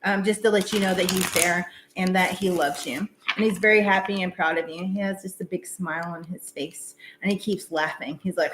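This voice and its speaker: A woman's voice: mid-range voice, moderate pace, fairly bright tone, a little hiss or hum. A woman hosting a live tarot reading stream, talking casually and rambling with lots of fillers. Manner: chatty, rambling, many fillers. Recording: echoey room.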